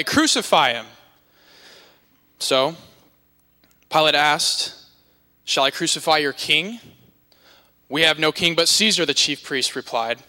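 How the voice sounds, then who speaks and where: An earnest man reads scripture aloud in a bright, forceful voice that sits a little high for a man. Now and then he trips over a word. The sound carries a long hall reverb. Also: animated, takes it slowly, long pauses. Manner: earnest, stumbles on a few words. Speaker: scripture reader. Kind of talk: scripture reading.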